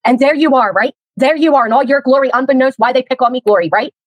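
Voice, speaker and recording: Angry philly woman ranting on stream, loud and abrasive, a bit high. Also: fast talker, no room sound, lo-fi sound. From Philadelphia, USA. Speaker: livestreamer. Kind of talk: angry livestream rant.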